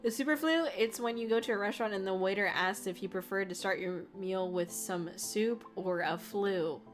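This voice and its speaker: A woman's voice: mid-range voice, moderate pace. A woman VTuber chatting casually on a live stream, reading viewer comments, laughing often and swearing as she rambles. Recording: faint music underneath.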